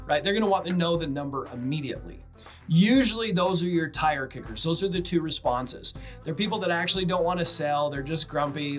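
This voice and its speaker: A man with a fairly high voice coaching his viewers through cold calling, brisk and direct. He acts out both sides of sample phone calls as he goes. A faint music bed plays under him. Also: a bit bright. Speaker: real estate investor teaching cold calling. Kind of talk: instructional talk to camera.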